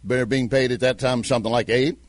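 A man's voice: medium pitch, steady tone, no echo. A man with a Southern American accent hosting a talk radio show, reading sponsor spots and giving emphatic commentary. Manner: emphatic, repeats phone numbers slowly.

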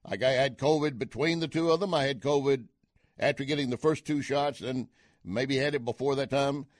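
A man's voice: medium pitch, fairly quick, dry recording. An older man hosting a talk radio show, delivering an opinionated monologue with emphatic, punchy asides into a studio mic.

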